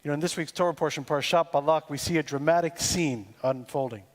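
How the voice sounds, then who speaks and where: A man preaching a sermon as cantor in a synagogue, with a deliberate delivery built on poetic repetition. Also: on the high side. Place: synagogue sanctuary. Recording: long reverb in a large hall with faint music.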